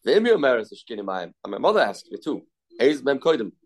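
A man's voice: medium pitch, sing-song, quick pace. A man giving a Talmud class. He reads each passage aloud, then explains it in a conversational way. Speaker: Talmud teacher.

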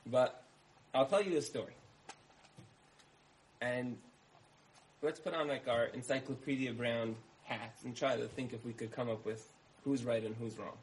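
A man's voice: mid-range voice, steady tone, a little slow, pauses often, a little hiss or hum, rough recording. Conversational man telling parables. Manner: conversational, uses repetition and asks listeners questions. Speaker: speaker. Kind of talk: storytelling talk with parables.

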